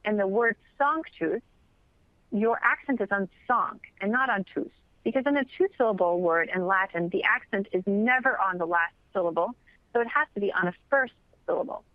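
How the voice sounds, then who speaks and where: A woman teaching chant in an instructional webinar, explaining patiently and clearly. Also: mid-range voice, no room sound, dull audio. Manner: clear, patient explaining, sings brief examples.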